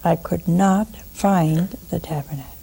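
A woman hosting a religious call-in show, teaching in an animated way, mocking with put-on quotes and dropping to a hush for emphasis. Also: fairly low pitch, measured pace, vocal fry, breathy edge. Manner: animated, mocks with put-on quotes, drops to a hushed whisper for emphasis.

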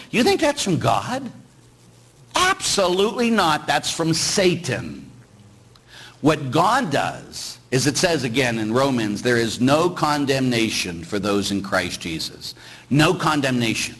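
A man's voice: medium pitch, big pitch swings, measured pace, fairly bright tone, husky, poor audio. A middle-aged man, a priest, preaching a sermon with rhetorical questions and acted-out voices. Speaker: Catholic priest.

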